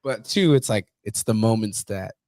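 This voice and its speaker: A podcast host with a lowish, expressive voice chats casually at a normal speed, a crowd audible behind him. He's a profane, laughing storyteller, spinning tales full of swearing and laughter.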